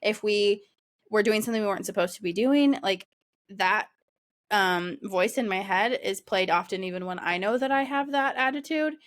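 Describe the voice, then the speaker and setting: A woman's voice: medium pitch, normal speed. Chatty young woman podcaster. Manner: chatty, laughs often, many fillers. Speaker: podcast co-host. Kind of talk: casual chat.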